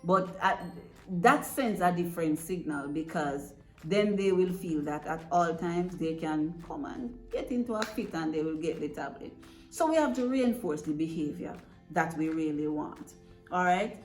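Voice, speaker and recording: A woman's voice: lowish voice, animated, normal speed. A woman giving earnest, direct advice to parents, often checking in with "right?". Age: adult parent. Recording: echoey room with faint music.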